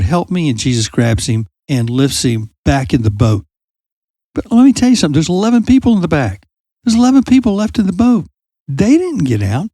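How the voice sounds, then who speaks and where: A man hosting a youth ministry podcast talks through a Bible story in a conversational way. His fairly high voice climbs sharply when he acts out the characters' shouted lines. The sound is dry and close. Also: no echo. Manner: animated storyteller who acts out quoted lines loudly; asks listeners direct questions. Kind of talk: conversational faith talk.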